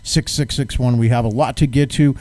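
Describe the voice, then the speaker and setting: A man's voice: mid-range voice, steady tone, fairly quick, darkish tone, no room sound. A man hosting a live talk show, chatting casually, joking and laughing often. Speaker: radio talk show host.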